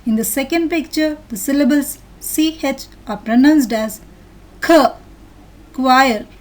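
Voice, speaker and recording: A woman teaching an English lesson to children, sounding out each word clearly and patiently. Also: high voice, moderate pace, warm tone. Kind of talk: slow, deliberate classroom lesson for children.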